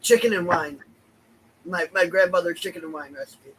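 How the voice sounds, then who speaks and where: A man's voice: high-pitched, normal speed, fairly bright tone, breathy edge, poor audio. A man who is a guest on a podcast, chatting casually with many "like"s and restarts.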